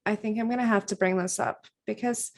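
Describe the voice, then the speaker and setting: A woman's voice: mid-range voice, fairly even intonation, a little fast. A woman playing in a tabletop role-playing game, puzzled and thinking aloud with lots of fillers. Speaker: player.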